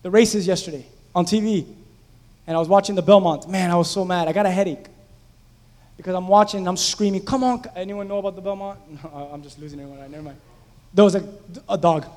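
A man with a strikingly high voice delivers a casual, story-driven sermon. He turns to the congregation with questions as he goes. His voice carries a long reverb, as in a large sanctuary. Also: steady tone, quick pace, darkish tone. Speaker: pastor. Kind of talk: conversational sermon.

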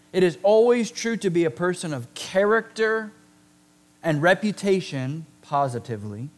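A male pastor with a fairly high voice, preaching in a conversational way and throwing in teasing asides to the congregation. He drags out key words for emphasis and leans hard on the important ones. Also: expressive, moderate pace. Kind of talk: sermon.

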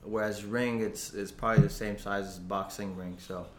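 Low-voiced man giving plain, hesitant answers. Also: fairly even intonation, normal speed, reverberant, slight background noise. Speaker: guest, cage fighter. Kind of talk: casual podcast chat.

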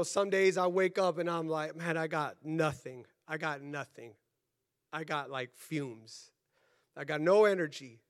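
High, bright-voiced fervent male preacher. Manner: fervent, earnest preaching with repeated phrases. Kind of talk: sermon. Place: church sanctuary.

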